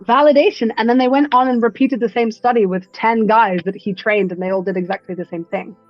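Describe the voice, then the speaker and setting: Woman breathwork coach, animated storyteller, lo-fi dry recording. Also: fairly high pitch, fairly quick, dry recording, faint music behind. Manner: animated storyteller who acts out quotes. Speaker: breathwork instructor, guest. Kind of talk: casual interview chat.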